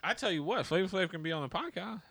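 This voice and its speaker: Lively, bright-voiced man on a podcast. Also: high-pitched, quick pace, vocal fry, dry recording. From New York. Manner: laid-back, laughing, profane banter. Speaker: podcast co-host. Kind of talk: casual chat.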